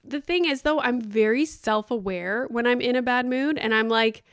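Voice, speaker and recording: A woman's voice: on the high side, normal speed, clear, resonant tone, no room sound, studio quality. A woman in her thirties hosting a casual solo podcast, telling stories in a chatty, exasperated way with lots of fillers. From Canada. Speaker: podcast host.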